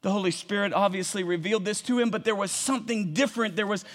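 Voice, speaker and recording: A man preaching a sermon with passion, calling out to his congregation and rising at times to shouts. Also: sits high, steady tone, fast. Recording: long reverb of a large hall.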